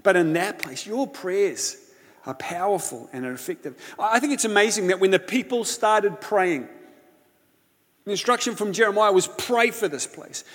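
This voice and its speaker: A man preaching a sermon, telling a personal story with passion, swinging between loud outbursts and hushed prayer. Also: high-pitched, expressive, normal speed. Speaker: pastor. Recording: long hall reverb.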